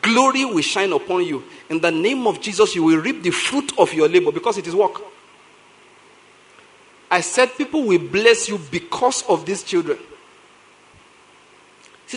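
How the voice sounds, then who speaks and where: A middle-aged Nigerian pastor with a Nigerian English accent preaches a sermon, telling it like an animated story and repeating lines for emphasis. His voice sits high, he talks a little fast and pauses often, and the recording quality is low.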